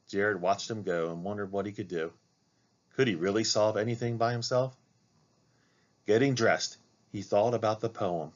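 Man, storybook narration, low voice, expressive, muffled lo-fi recording. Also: normal speed, pauses often. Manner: expressive, dramatic reading. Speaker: reader. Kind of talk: storybook read-aloud narration.

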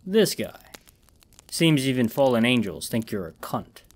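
Gruff angry general, blunt and growling, read by a male narrator. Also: medium pitch, very animated, a little slow. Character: furious army general, gruff middle-aged man.

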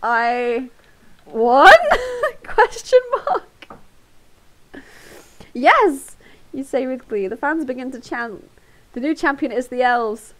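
A woman's voice: high-pitched, expressive, unhurried. A woman livestreaming a text adventure from home, reading the story aloud while laughing and swearing freely into a headset mic. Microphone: headphones with a microphone.

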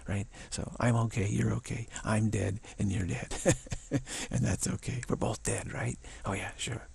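A man giving a spiritual talk who speaks haltingly, stammers and repeats words, and chuckles at his own points. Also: on the low side, steady tone, gravelly, a little mellow, breathy edge. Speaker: spiritual teacher.

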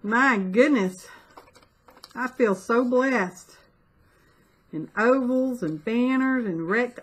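A woman's voice: a little high, takes it slowly, pauses often, breathy edge. A middle-aged woman in a casual, chatty craft vlog, gushing with delight as she opens mail. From United States. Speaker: craft vlogger. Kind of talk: casual unboxing chat.

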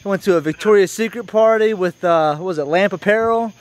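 A man vlogging casually into a handheld camera, excitable and rambling, quick to laugh. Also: high voice. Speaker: YouTube prank vlogger.

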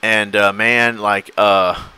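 A man's voice: lowish voice, little pitch movement, slow, pushed and bright, clear, resonant tone. A man co-hosting a podcast in casual chat, enthusiastic and rambling as he recounts videos. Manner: enthusiastic, rambling, acts out clips. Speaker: podcast co-host.

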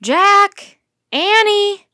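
A woman voicing a forest ranger man who calls out loudly across a camp. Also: high voice, expressive, fast talker, no room sound, studio quality. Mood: calling.

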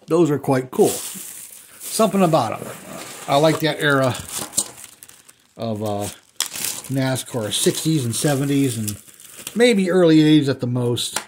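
A man in his fifties at home, talking through an unboxing of die-cast cars in a relaxed, rambling way, with plenty of ums and uhs. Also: mid-range voice, slight background noise. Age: 50s. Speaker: die-cast car collector and customizer. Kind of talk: casual unboxing vlog. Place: indoors at home.

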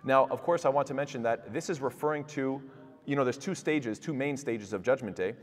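Man, quick-paced Quran lecture, rhetorical questions, reverberant mosque hall. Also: medium pitch. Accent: recites Arabic verses in classical pronunciation. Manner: explains with rhetorical questions to the audience. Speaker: Quran teacher. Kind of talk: tafsir lecture.

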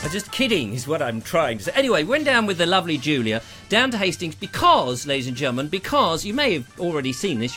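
A man's voice: a little high, sharp tone. A middle-aged man hosting a casual live chat, jokey and theatrical, on a lapel mic. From England. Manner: theatrical, jokey, slips into funny voices. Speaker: host of an explorer channel.

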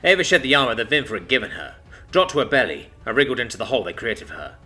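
A male narrator telling a sci-fi story with a dramatic flair, his voice bright and forward. His delivery is animated, swinging widely up and down. Soft music runs faintly underneath. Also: mid-range voice, very fast.

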